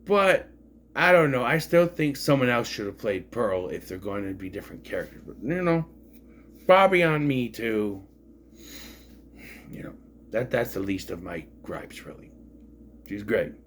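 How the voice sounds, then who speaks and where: A man's voice: medium pitch, animated, unhurried, long pauses, fairly bright tone, slight background noise. A man casually reviewing a film, rambling and frank, swearing freely as he complains. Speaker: movie reviewer.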